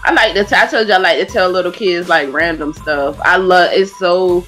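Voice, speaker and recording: A woman's voice: fairly low pitch, a little fast, soft background music. A woman co-hosting a podcast, chatting casually about parenting with easy laughter. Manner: relaxed, laughing, conversational. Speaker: podcast co-host. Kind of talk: casual chat.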